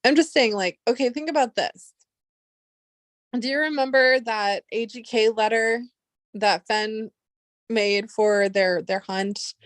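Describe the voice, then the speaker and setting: A young woman chatting casually on a livestream, rambling and excitable, swearing freely. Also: on the high side, slow, long pauses, no echo, clean studio sound. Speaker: livestream host.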